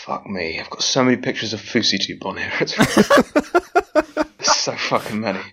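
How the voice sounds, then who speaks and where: A man's voice: lowish voice, lively intonation, normal speed, pushed and bright, breathy edge. A man on a podcast over an online call, rambling and laughing at himself in casual banter. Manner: laughing, rambling, self-deprecating. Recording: dull lo-fi call audio.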